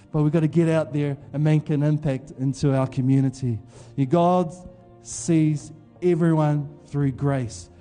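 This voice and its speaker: A man's voice: on the high side, mellow, big-room sound. A man preaching a sermon, telling a personal story in a loose, conversational way with plenty of fillers.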